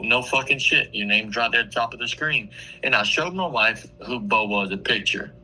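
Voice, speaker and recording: A man tells a story on a radio show with a very bright, forceful, sharp-edged voice. He is crude and swears freely, and he delivers the tale with loose, animated energy. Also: mid-range voice, a little fast, low-quality recording. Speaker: comedian guest. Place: radio studio.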